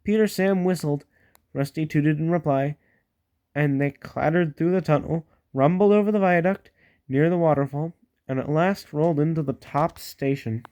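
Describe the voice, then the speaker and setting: A man's voice: fairly high pitch, moderate pace, a little mellow. A man reading a children's storybook aloud, casual, with joking asides and small stumbles. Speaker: storybook reader.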